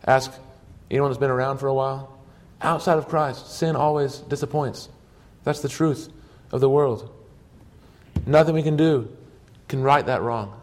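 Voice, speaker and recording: A man's voice: mid-range voice, normal speed. A man preaching a sermon, telling stories earnestly in short emphatic phrases.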